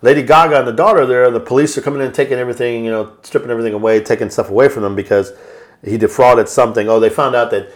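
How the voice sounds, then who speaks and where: A man on a podcast casually retelling a film's plot in a loose, rambling way, slipping into quick voiced quotes. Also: mid-range voice, steady tone. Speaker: podcast host. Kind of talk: casual movie recap.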